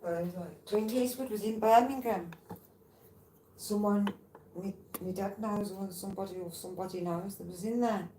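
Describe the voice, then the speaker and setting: A woman's voice: mid-range voice, moderate pace, warm tone, slight background noise. Rambling woman in a roomy space. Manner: rambling, tangential storytelling with swearing. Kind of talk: casual chat. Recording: roomy, faint background ambience.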